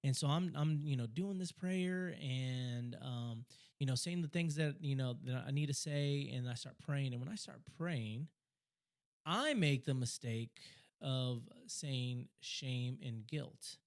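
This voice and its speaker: A young man co-hosting a podcast, telling a story in a casual chat, talking fast and excitedly, stumbling over and repeating words. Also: mid-range voice. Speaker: podcast co-host.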